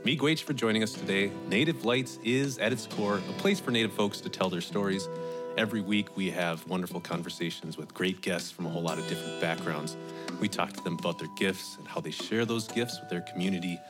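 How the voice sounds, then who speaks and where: A man's voice: sits low, brisk, over music. A man co-hosting a radio talk show, chatting in a friendly, conversational way. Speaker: podcast co-host. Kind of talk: casual radio chat.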